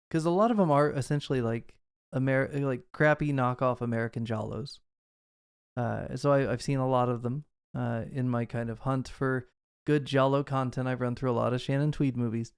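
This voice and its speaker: A man co-hosting a film podcast, talking in an animated, rambling way with lots of fillers. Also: mid-range voice, normal speed, clean tone, no echo, studio quality. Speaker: podcast co-host. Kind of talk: casual film discussion.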